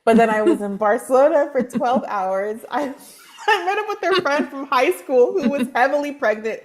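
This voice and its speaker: A woman from Texas, a spiritual advisor guest, telling her story in a chatty, lively podcast interview with lots of fillers. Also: high voice, normal speed. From Texas, USA.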